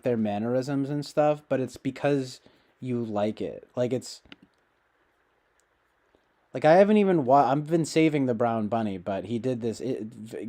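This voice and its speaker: A man's voice: medium pitch, warm tone. A man chatting casually to his livestream viewers, meandering with many fillers and restarts. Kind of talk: casual rambling livestream chat.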